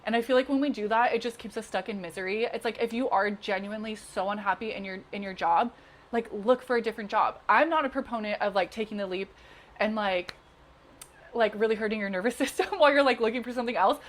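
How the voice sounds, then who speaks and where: A woman's voice: medium pitch, quick pace. A young adult woman, a guest on a podcast, chatting earnestly and casually with many fillers. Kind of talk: casual chat.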